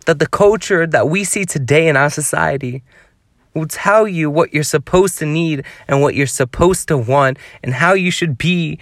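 A man's voice: fairly high pitch, unhurried, a bit bright, no echo. A man delivers a devotional sermon in a slightly raised voice, earnest and pleading as he urges his listeners. The recording is dry and close, with no room sound around him. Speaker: preacher.

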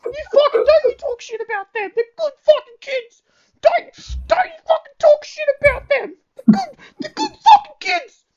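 A young man putting on the voice of his short, stocky older male boss, who defends his workers in a shrill, cracking squeal. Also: lively intonation, moderate pace, darkish tone, highs cut off. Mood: indignant.

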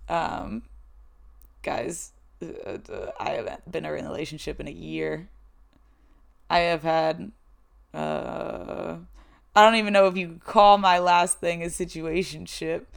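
A raspy-voiced woman in her twenties hosting a podcast, chatting casually and poking fun at herself. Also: low-pitched, a little slow, long pauses. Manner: chatty, self-deprecating, laughs often. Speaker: podcast host. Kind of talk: casual chat.

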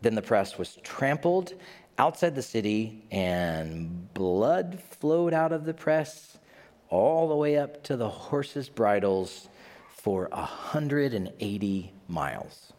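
Pastor guy preaching, lively up-and-down voice, chatty asides, long hall reverb. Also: lowish voice, slow. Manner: conversational, animated preaching with asides. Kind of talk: sermon.

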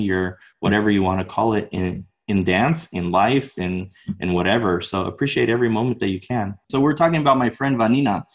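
A man from the United States, a podcast guest telling stories casually, filling with "you know" and acting out quotes. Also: lowish voice. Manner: animated, acts out quotes, many "you know" fillers. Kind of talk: casual storytelling.

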